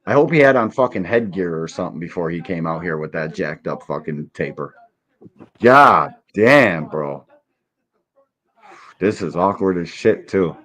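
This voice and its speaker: A man with a deep voice and an unhurried pace hosts a live boxing stream, reacting to a clip while swearing freely and mocking what he sees. His manner is profane, derisive, and animated.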